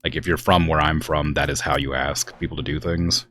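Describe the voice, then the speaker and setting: Streaming a game, this West Coast American man rambles through casual chat, leaning heavily on fillers and venting frustration about family. He has a bass voice with a steady tone, speaking fairly quickly in a pushed, bright way, with faint music behind him.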